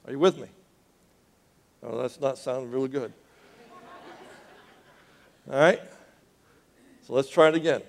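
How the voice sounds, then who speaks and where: A man preaching a sermon who calls out questions to the congregation and drops into quiet, earnest intensity as he tells a story. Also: medium pitch, a little slow, vocal fry, long pauses. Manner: call-and-response with the congregation, dropping to quiet intensity.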